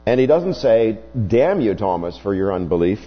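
A man preaching a sermon, slow and emphatic, his voice rising and falling widely as he stresses points. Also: big pitch swings, slightly rough, faint music behind. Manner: slow, emphatic preaching with wide swings in pitch. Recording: dull, hummy recording with long reverb.

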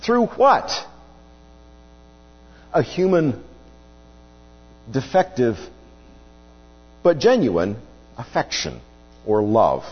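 A man's voice: mid-range voice, wildly swooping pitch, very slow, long pauses. A man preaching a sermon, earnestly explaining scripture and posing rhetorical questions. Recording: dull lo-fi recording with long hall reverb.

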